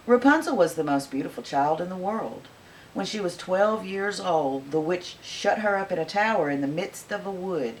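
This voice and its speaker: Woman storyteller, gentle expressive reading, slightly low pitch. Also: slight background noise, rough recording. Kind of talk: reading a fairy tale aloud.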